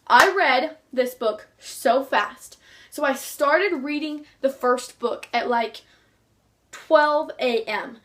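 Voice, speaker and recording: Teen girl book vlogger, high bright voice, excited and rambling. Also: takes it slowly. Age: teens. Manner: gushing, rambling with restarts. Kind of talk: casual chat to camera.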